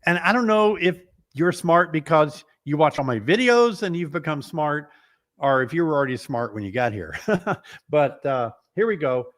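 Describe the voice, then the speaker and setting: A man's voice: a little high, normal speed. A middle-aged man hosting a casual beekeeping live stream, playful and teasing, short of breath and coughing from an illness. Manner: playful, teasing, with animated exclamations. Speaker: beekeeping host.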